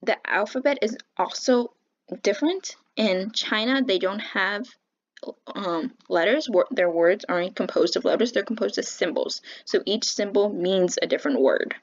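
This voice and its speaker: A young woman giving a class presentation on teaching, talking in a flat, halting way with fillers and self-corrections. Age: young adult. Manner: says she speaks with a flat pitch. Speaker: education student presenting. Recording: dull lo-fi recording.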